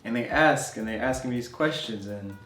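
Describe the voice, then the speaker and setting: With a slightly bright, medium-pitched voice at normal speed, a young man tells a travel tale to camera, easygoing and conversational with fillers and laughter. He's a young adult travel vlogger. The sound is roomy, from a distant mic, and faint music plays.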